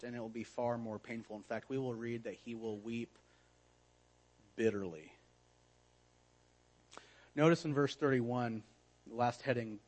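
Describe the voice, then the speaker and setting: A man's voice: medium pitch, low-quality recording. Earnest man preaching a sermon. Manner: earnest, drops to a hushed voice for emphasis. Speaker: pastor.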